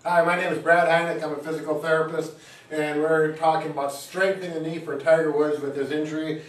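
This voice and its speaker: Slightly high-voiced male physical therapist. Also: flat delivery, fairly quick. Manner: plainspoken, explains step by step. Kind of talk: casual instructional talk. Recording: roomy sound, mic at a distance.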